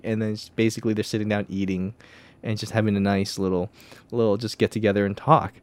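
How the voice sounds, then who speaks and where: A man co-hosting a casual movie review podcast, talking loosely and animatedly, acting out quoted lines with jumps in pitch. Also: fairly even intonation, quick pace, darkish tone, no room sound. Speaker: podcast co-host. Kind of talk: casual film review chat.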